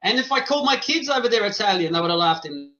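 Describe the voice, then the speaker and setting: A man with a high, bright, forceful voice argues hard in a panel debate, interrupting and hammering his points with repetition. The sound is roomy and somewhat dull, like a lo-fi recording in an echoey room. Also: expressive, quick pace. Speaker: podcast guest debater.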